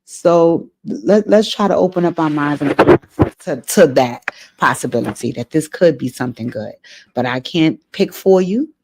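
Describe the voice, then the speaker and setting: A woman with a low, husky, slightly mellow voice hosts an advice vlog, speaking at a moderate pace with plenty of expression. She talks earnestly to a letter writer, repeating her key phrases and getting emotional along the way.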